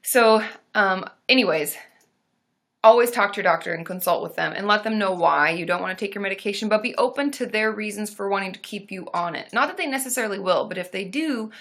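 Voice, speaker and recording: A young woman therapist answering viewer questions on a casual live stream, chatty and warm, with sudden loud whooping between answers. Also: medium pitch, fairly quick. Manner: chatty, reads viewer comments aloud, bursts into loud monkey whoops.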